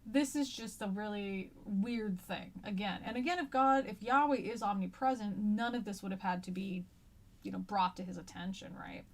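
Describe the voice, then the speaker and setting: A woman's voice: mid-range voice, normal speed. A woman teacher giving a casual, chatty lecture, paraphrasing old texts in slangy everyday words.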